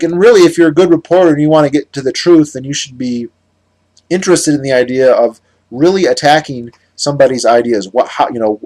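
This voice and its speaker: A man's voice: a little high, darkish tone. Heated American man ranting to camera. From United States. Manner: heated, sarcastic, rambling with restarts. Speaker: political commentator. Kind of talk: ranting monologue vlog.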